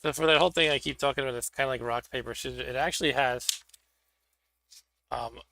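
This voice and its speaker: A man's voice: medium pitch, fairly even intonation, quick pace, creaky, sharp tone. A man hosting a board game stream, chatting casually and thinking aloud as he sets up pieces for a solo game. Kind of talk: casual solo play-through commentary.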